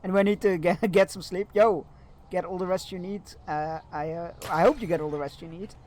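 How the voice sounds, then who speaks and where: Chatty high-voiced man streaming a game. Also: steady tone, a little fast, darkish tone, a little hiss or hum. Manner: rambling and chatty, with many fillers. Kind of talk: casual chat while gaming.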